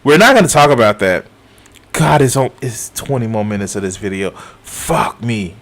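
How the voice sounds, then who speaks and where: This thirties-aged man streams a reaction to a video in a fairly bright, expressive voice on the low side, speaking at a normal speed. He keeps it casual, cursing frequently, laughing, and saying things more than once.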